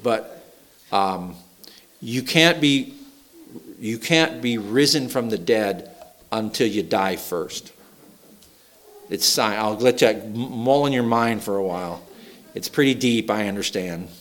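A man preaching a folksy sermon, asking the congregation questions and acting out the voices he quotes. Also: mid-range voice. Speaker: pastor.

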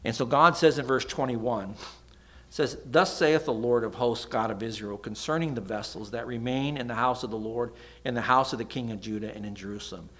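A middle-aged man preaching a sermon in an animated, dramatic way, dropping into sudden soft asides. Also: mid-range voice, fairly quick.

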